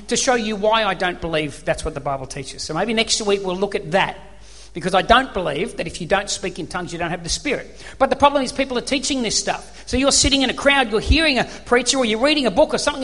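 Male pastor, high pitched, lively storyteller preaching in a reverberant hall. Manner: animated storyteller, acts out voices and screams. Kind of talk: sermon with storytelling.

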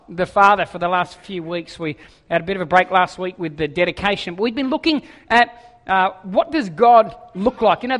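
A man's voice: high voice, fairly bright tone, long reverb tail. A pastor giving a chatty sermon with jokes, often stumbling over and repeating his words.

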